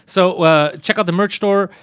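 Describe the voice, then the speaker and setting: A man co-hosting a comedy podcast, telling a story in a rapid, profane way and acting out the people in it. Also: high-pitched, a bit bright, clear, resonant tone. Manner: rapid, profane, acts out the people in his stories. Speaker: podcast co-host.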